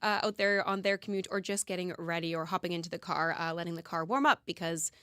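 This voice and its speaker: A woman's voice: on the low side, quick pace, fairly bright tone, clear, resonant tone, dry recording, clean studio sound. A woman giving a live radio traffic report in a chatty, upbeat way that often repeats itself. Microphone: studio microphone.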